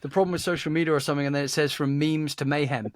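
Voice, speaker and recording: A man's voice: fairly high pitch, fairly even intonation, racing. A man co-hosting a movie podcast, chatting animatedly and retelling scenes with repeated words. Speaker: podcast co-host. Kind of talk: casual chat.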